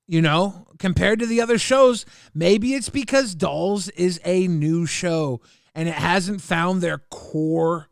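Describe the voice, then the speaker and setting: A man's voice: sits high, gravelly, dry recording. A man hosting a casual livestream chat, laid-back, teasing and reading out viewer messages on a close mic. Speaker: livestream host.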